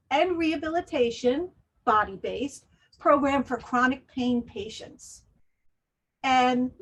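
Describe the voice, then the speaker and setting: A woman's voice: on the high side, breathy edge, low-quality recording. A woman presenting in a webinar, leading listeners through breathing and laughter exercises with an American accent. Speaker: wellness presenter.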